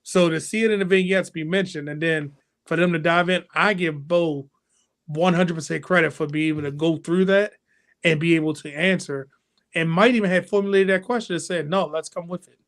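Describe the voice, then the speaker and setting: A man co-hosting a wrestling talk show, talking in an animated way and acting out fan reactions. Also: on the high side, fairly quick. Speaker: podcast co-host. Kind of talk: casual chat.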